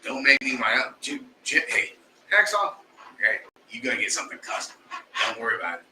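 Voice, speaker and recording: A man co-hosting a casual chat show, loud and excitable, swearing freely. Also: medium pitch, fairly quick. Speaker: co-host. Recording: roomy and distant with faint noise.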